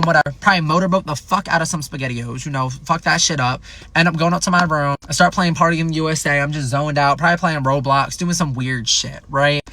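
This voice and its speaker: A young man telling a casual storytime, animated and profane, full of fillers, acting out quoted lines in a higher voice. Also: no echo.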